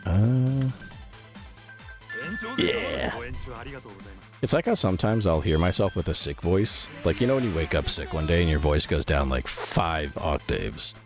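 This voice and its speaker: Chatting casually on his game stream, this man has a very low voice worn rough and strained by yelling. His pitch swings a lot as he reacts aloud and answers chat, with lively intonation, an unhurried pace and long pauses. Faint game music sits behind him.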